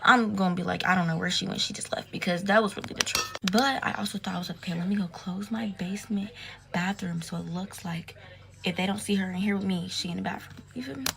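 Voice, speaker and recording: A young woman spins a storytime tale in loose, slangy, profane talk, with a gravelly fry on her voice. She retells it with drama. A steady noise hums under the recording. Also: mid-range voice, fast talker. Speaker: storytime vlogger. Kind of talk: casual storytime.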